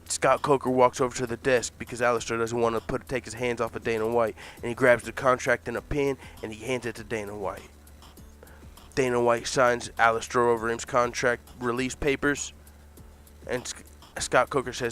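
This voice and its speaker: A man improvising a comic fight story, animated, excitable and full of swearing. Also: mid-range voice, moderate pace, faint music behind.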